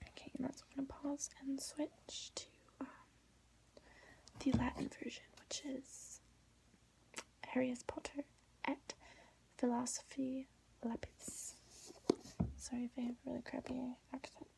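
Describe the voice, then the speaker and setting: A woman reading a storybook aloud in a soft whispered role-play, mostly whispering, with quiet voiced lines for the characters. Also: sits high, little pitch movement, measured pace, gravelly, long pauses, low-quality recording. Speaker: ASMR reader.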